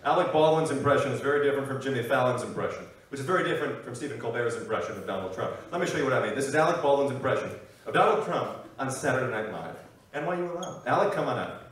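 A young man doing a stand-up comedy set, with quick, self-deprecating patter between impressions. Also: medium pitch, lively intonation. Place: live comedy show venue. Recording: echoey room, distant mic, loud crowd.

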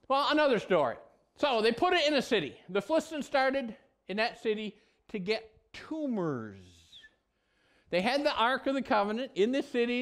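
Animated storytelling pastor man. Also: very high voice, clear, resonant tone. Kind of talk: Bible teaching vlog.

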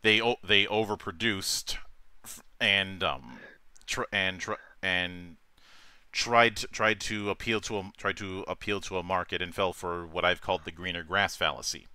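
A man's voice: low-pitched, normal speed, bright, forceful tone, clear, resonant tone, no room sound. A man hosting a casual talk stream, rambling with many restarts and frequent chuckles. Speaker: host. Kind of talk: casual chat.

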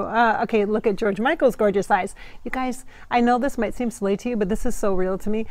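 A woman's voice: on the high side, fairly quick, darkish tone, dry recording. Giggly gushing woman, dry close sound. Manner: giggly, breathy and gushing, many fillers. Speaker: psychic medium vlogger. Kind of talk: gushing casual talk to camera.

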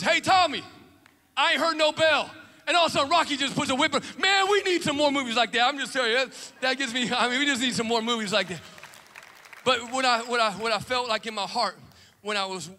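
A middle-aged man preaching a lively sermon, telling stories animatedly and acting out scenes. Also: extremely high pitch, fast, some chatter behind. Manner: animated storytelling, acts out movie scenes. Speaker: pastor. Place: church sanctuary. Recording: long reverb of a large church hall.

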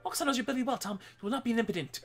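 A man's voice: extremely high pitch, rapid-fire, faint music behind, pitched above the performer's own voice. A man voicing an eccentric male pigeon who sets off on a grand quest, speaking in a mock-solemn, theatrical way. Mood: grandiose.

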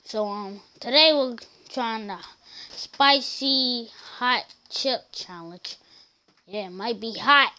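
A woman voicing a goofy man who plays a superhero actor. She speaks in a lowered, awkward and hesitant way. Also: slow pace, sharp tone.

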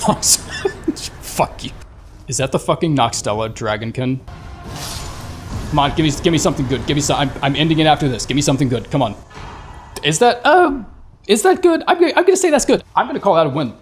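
A young man giving casual, profane commentary over a game, talking back at enemies with sarcasm and stammered restarts. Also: medium pitch. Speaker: gaming YouTuber.

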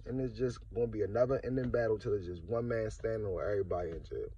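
Man, casual vlog commentary, slangy, fed-up tone, mellow husky voice, dull lo-fi sound. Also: mid-range voice, quick pace. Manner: laid-back slangy talk with "bruh" and "like" fillers; frustrated, exasperated. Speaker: vlogger.

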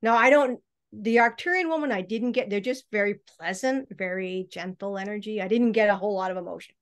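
A brisk, medium-pitched woman joins a casual podcast as a mystic guest, either remotely or in the studio. Her speech rambles, full of hesitations and restarts.

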